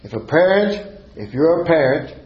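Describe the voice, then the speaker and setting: A man's voice: a little high, big pitch swings, moderate pace, echoey room, muffled recording. A male preacher, preaching a sermon in a fervent cadence and repeating phrases for emphasis.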